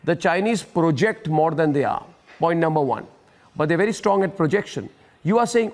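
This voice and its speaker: A man with an Indian English accent hosting a heated TV news debate, talking forcefully and cutting in again and again. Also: fairly high pitch, animated, moderate pace. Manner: forceful, interrupts repeatedly. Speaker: debate host.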